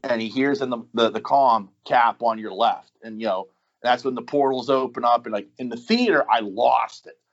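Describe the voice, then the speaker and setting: A man's voice: mid-range voice, fairly quick. Rambling man with a dull lo-fi sound. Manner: rambling and enthusiastic, many restarts. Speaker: podcast guest. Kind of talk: casual chat.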